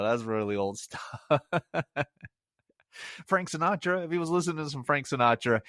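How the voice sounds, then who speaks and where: A man's voice: mid-range voice, a bit bright, no echo, clean studio sound. A middle-aged man giving a casual solo movie review on a podcast, rambling and sarcastic, laughing at his own jokes.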